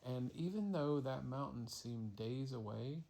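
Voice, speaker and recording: A man telling an improvised bedtime story in a slow, rambling, casual way. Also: mid-range voice, expressive, vocal fry, warm tone.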